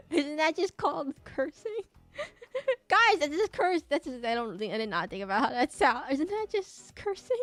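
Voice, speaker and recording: A woman streamer chatting casually while she draws, with a slight lisp and fast, tumbling speech full of restarts. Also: fairly low pitch.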